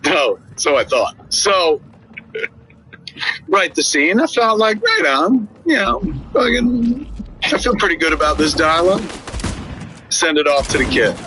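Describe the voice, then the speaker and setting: A man's voice: a little high, background noise. A man in his fifties chatting on a podcast, telling stories and acting out quoted dialogue. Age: 50s. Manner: animated storyteller, acts out dialogue with quick voice shifts. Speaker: podcast co-host. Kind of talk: casual chat.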